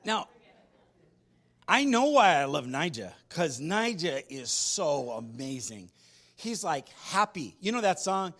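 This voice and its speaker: Man, pastor, sermon, animated storytelling, slightly high voice, loud and soft swings. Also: takes it slowly. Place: church sanctuary.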